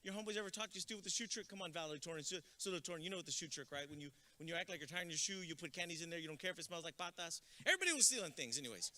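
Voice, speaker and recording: A man giving a comedic, energetic graduation speech as a motivational speaker, dropping in Spanish words. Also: on the high side, racing, few pauses. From Texas. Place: outdoor graduation ceremony with stands.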